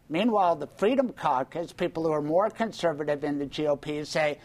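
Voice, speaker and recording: A man who hosts a radio show, giving measured, analytical political commentary on a panel. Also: fairly high pitch.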